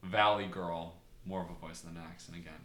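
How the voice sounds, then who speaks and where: A woman hosting a casual podcast, her voice bright and forward. She talks in a playful, giggly way, and the sound rings around an echoey room. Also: very deep voice, steady tone, brisk. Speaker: podcast host.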